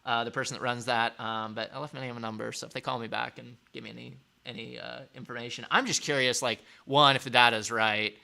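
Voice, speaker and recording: Male host, sarcastic, rambling, gravelly edge, bright tone. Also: mid-range voice, steady tone, quick pace, hardly any pauses. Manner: sarcastic, rambling with many fillers. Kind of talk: casual commentary on clips.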